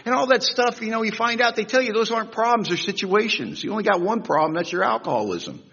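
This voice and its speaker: A husky man in his sixties speaking at a recovery convention, telling humorous, animated stories with big swings in pitch and loudness. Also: fast. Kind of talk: storytelling talk at a recovery convention. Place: large convention hall. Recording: echoey hall, dull lo-fi sound.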